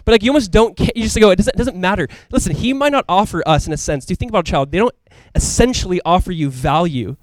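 Fast-talking, animated male pastor. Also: high-pitched, no room sound. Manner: casual, conversational preaching with frequent asides; animated, emphatic delivery. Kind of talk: sermon.

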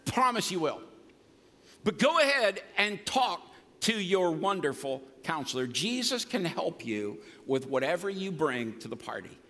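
Older man, pastor's sermon, high bright voice, long hall echo. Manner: folksy, emphatic preaching with humor. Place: church sanctuary. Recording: long reverb of a large hall.

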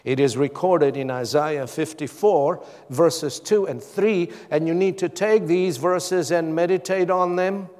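Slow-preaching man in a reverberant hall. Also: a little high, darkish tone. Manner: preaching with dramatic pauses, rising to emphatic calls. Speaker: pastor. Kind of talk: sermon. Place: church hall.

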